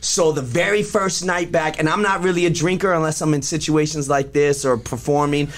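A man's voice: a little high, steady tone, a little fast. A man telling a wild personal story in casual, profane talk, often laughing. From Los Angeles area. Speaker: guest performer.

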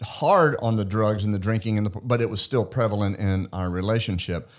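Male guest, low voice, earnest reflective storyteller, casual podcast chat. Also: a little fast. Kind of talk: testimony in a faith podcast conversation.

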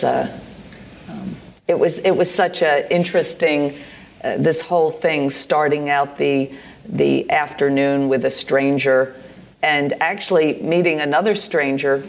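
Her voice is extremely low and full of vocal fry, over slight background noise. She is a US poet and artist in her sixties, interviewed live on a venue stage with an audience, and her storytelling rambles hesitantly with many fillers and restarts.

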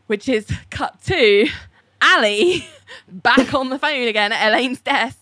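A woman's voice: on the high side, moderate pace, no room sound. A woman hosting a casual chat, retelling scenes from a show and acting out the quoted lines. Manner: animated storyteller, acting out quoted lines in put-on voices. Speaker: podcast host recapping a TV episode.

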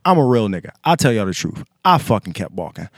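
A man's voice: fairly low pitch, big pitch swings, quick pace, dry recording, studio quality. A man telling a story casually on a podcast, emphatic and repetitive.

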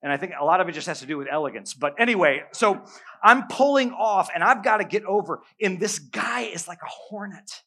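A middle-aged male pastor preaching a sermon, telling a story with humor and animated bursts. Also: high voice, fairly quick.

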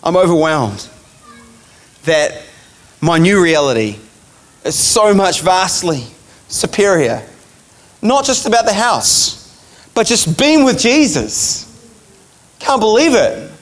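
A man's voice: sits high, sing-song, slow pace, pauses often. A man preaching a sermon, telling a vision story in a casual, chatty way and laughing along.

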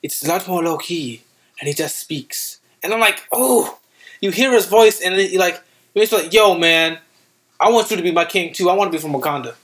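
A young man with a high-pitched voice chats casually with a friend. He is excitable and animated, often breaking into playful voices to act out what people said. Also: normal speed. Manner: excitable, acts out quotes in voices. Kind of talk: casual chat.

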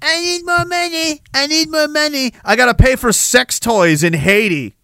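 A man's voice: very high voice, normal speed, bright, forceful tone, dry recording, clean studio sound, pitched above the performer's own voice, full character voice. A man voicing a greedy, whining government official begging for money.

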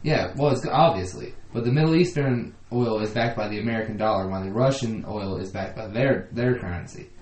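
A man's voice: on the low side, fairly quick, few pauses, darkish tone, a little hiss or hum. A man co-hosting a comedy podcast, rambling through casual chat and laughing often. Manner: rambling, laughs often, restarts mid-sentence. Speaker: podcast co-host. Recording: roomy echo.

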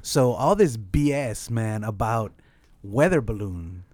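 A man's voice: on the low side, expressive, slow pace, darkish tone, no echo, clean studio sound. A man in a casual podcast chat, explaining things earnestly and with emphasis.

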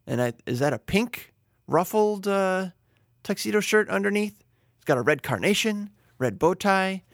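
A man's voice: high-pitched, animated, moderate pace, gravelly, dry recording, studio quality. A man hosting a podcast alone, talking casually with wry, rambling, self-deprecating asides. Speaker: podcast host. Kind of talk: casual solo podcast talk.

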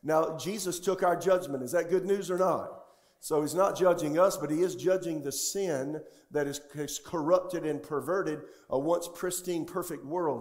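A man's voice: a little high, a little mellow. A male pastor preaching a sermon in a church sanctuary, often putting questions to the congregation. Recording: echoey church room.

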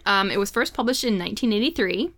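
A woman's voice: medium pitch, lively intonation, fast, a bit bright. A woman co-hosting a podcast, summarizing a book in casual chat with frequent fillers. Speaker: podcast co-host.

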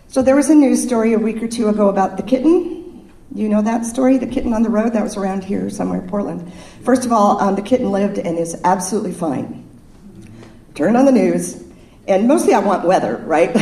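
A woman leads a casual spiritual talk, joking with her listeners and guiding them through breaths. Her voice is mellow and soft-edged. It sounds distant from the mic and rings through a roomy hall. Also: fairly high pitch. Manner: playful, chatty, laughs with the audience. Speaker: speaker at a spiritual service. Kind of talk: informal sermon with breathing exercises. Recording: echoey room, distant mic.

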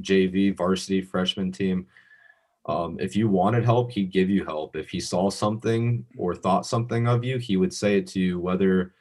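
A young man, a college baseball pitcher, chatting casually as a podcast guest and telling stories. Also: darkish tone. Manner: easygoing storyteller, acts out quoted lines.

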